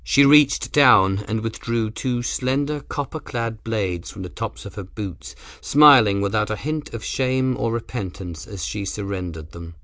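The speaker is a man narrating an audiobook with a level, measured storytelling delivery and a fairly low pitch. The studio-quality recording carries no room sound.

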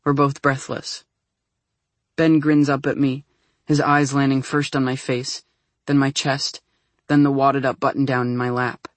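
A man's voice: medium pitch, level tone, unhurried, no room sound. Man narrating an anxious first-person story. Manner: intimate, anxious inner monologue, rising into flustered rambling. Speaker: audiobook narrator.

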